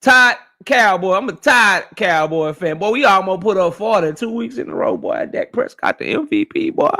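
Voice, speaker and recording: A man's voice: high voice, big pitch swings, normal speed, creaky, pushed and bright. A man hosting a live stream, casually greeting chat viewers one by one in slang. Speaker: livestream host.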